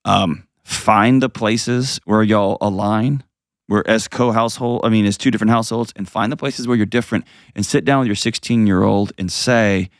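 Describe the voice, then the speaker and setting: A man's voice: on the low side, steady tone, dry recording, studio quality. A man hosting an advice call-in show, earnest and emotional. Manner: earnest, emotional, pauses heavily. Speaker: radio show host.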